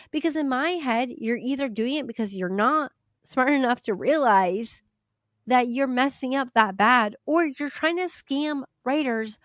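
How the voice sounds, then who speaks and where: A woman co-hosting a casual book podcast, chatting animatedly, hedging with "allegedly" and jumping into high voices when she acts out other people. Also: lively intonation, a little slow, dry recording, clean studio sound. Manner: hedges with repeated "allegedly". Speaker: podcast co-host. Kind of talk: casual chat.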